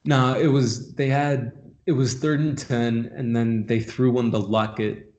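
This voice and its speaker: A man's voice: mid-range voice, little pitch movement, unhurried, darkish tone, muffled recording. Man chiming in on sports chat. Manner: chiming in with short corrections and agreement.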